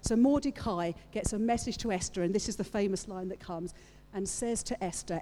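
A woman's voice: mid-range voice, brisk, hardly any pauses, warm tone, slight background noise. A woman preaching a sermon, retelling a story with playful asides to her congregation. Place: church hall with audience. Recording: long reverb of a large hall.

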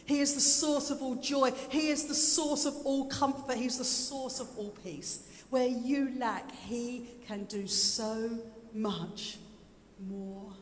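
A woman delivers a sermon in a conversational style, joking on the side and repeating phrases, inside a church hall that echoes with live instrumental music. She speaks slowly in a higher-pitched voice, with slight background noise.

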